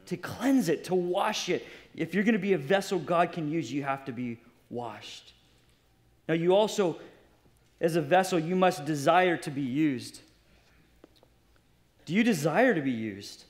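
A man's voice: high voice, big pitch swings, normal speed. A man preaching a sermon as pastor, impassioned and putting direct questions to his congregation.

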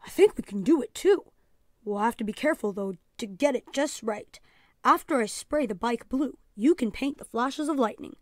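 A woman voicing a kind, patient father in a read-aloud storybook, encouraging and a bit louder. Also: a little high, expressive, moderate pace, no room sound, studio quality, natural voice.

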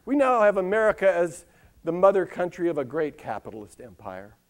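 A man's voice: sits high, sing-song. Wry older man, comic monologue. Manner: wry, ironic, with dramatic pauses and lists. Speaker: monologist performing for a live audience. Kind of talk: comic spoken-word monologue with news-style delivery. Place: live benefit stage.

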